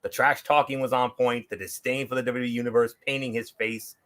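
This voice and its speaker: A man's voice: medium pitch, little pitch movement, brisk, fairly bright tone. A man co-hosting a wrestling show, delivering a polished prepared review with wry, sarcastic asides. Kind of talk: prepared review read aloud.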